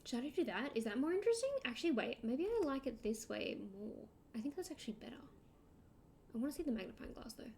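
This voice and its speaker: An Australian woman streaming a game, chatting casually in an excitable, rambling way. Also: sits high, quick pace, gravelly, slight background noise. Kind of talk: casual chat while gaming.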